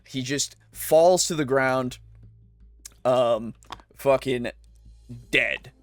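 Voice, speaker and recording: A man narrating a tabletop role-playing game as game master, slow and halting with many pauses and fillers. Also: medium pitch, no echo, studio quality, faint music behind.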